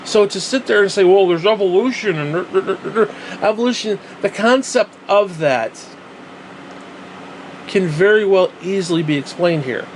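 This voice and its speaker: A man's voice: high voice, measured pace, a little hiss or hum. Profane, ranting man with a raised voice. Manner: profane, rambling, sarcastic. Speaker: vlogger. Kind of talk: ranting monologue.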